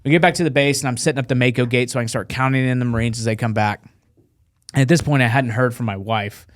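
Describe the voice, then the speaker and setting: A man in the middle of a casual story, animated and profane, breaking into the voices of the people he describes. His pitch sits in the ordinary middle for a man, and he talks like a veteran recounting something he lived through. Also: fast. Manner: animated, acts out dialogue, profane. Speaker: guest, Marine veteran.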